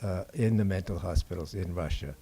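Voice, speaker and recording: An older man from Boston speaks to a gathered audience in a low, mellow voice. His telling is halting and unhurried, full of small pauses as he recalls his work as a filmmaker. A faint hum of the room sits behind him. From Boston, USA. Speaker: documentary filmmaker. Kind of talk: anecdotal talk to an audience. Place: indoor screening before an audience.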